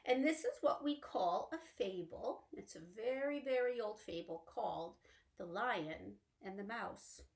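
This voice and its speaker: A woman's voice: mid-range voice, animated, unhurried, darkish tone. A woman reading picture books aloud to young children as a librarian, singing rhymes and acting out animal sounds in a sing-song way.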